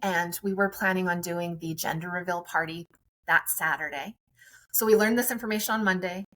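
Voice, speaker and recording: A woman's voice: fairly low pitch, brisk, a bit bright, slight background noise, rough recording. A woman guest on a podcast, a friendly and chatty mother telling her own story in conversation.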